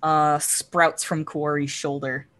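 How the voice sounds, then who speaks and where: A woman narrating a tabletop game as game master, describing scenes slowly with many ums and uhs. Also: deep voice, level tone, fairly bright tone.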